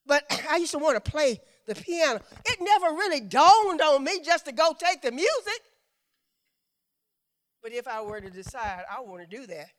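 A woman preaching a sermon in call-and-response, having the congregation repeat phrases, swinging from loud drawn-out exclamations to quick quiet asides. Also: fairly high pitch.

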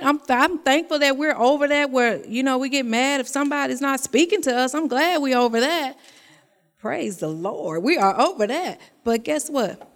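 A woman's voice: a little high, in a large hall. A woman preaching a sermon in a church, talking to the congregation and repeating her phrases. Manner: conversational preaching, repeats phrases, tells personal stories.

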